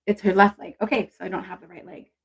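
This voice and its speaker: Woman doing a chill livestream, kinda raspy gravelly voice, super chatty and affectionate. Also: medium pitch, fairly even intonation, quick pace. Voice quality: gravelly, husky. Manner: warm, chatty, affectionate with viewers. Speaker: intuitive reader and livestream host. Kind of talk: casual livestream chat.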